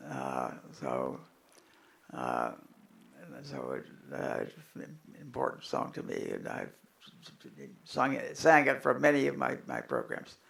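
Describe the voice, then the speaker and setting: Rambling older man with a gravelly voice. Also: mid-range voice, fairly bright tone. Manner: rambling, chuckling, halting. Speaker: folksinger giving a talk. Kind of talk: comic lecture with songs. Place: hall with a live audience. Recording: echoey room with music.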